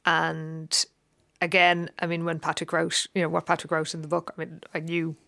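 A woman talking in a casual interview as the author's partner, soft and understated, trailing off quietly. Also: low-pitched, completely flat delivery, moderate pace, vocal fry. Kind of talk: casual conversation.

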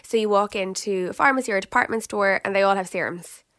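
A woman with a mid-range voice talks fast and with confidence as she explains skincare. She teases and asks leading questions. The sound is close and dry. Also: medium pitch, a bit bright, no echo. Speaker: skincare expert, co-host. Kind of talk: casual podcast chat.

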